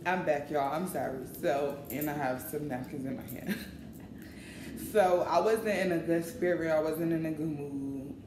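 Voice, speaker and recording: A woman's voice: low-pitched, measured pace, noisy background. Chatty woman vlogger, roomy echo. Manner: chatty, informal, addresses viewers as y'all. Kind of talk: casual vlog chat. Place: in line at a shopping mall coffee shop.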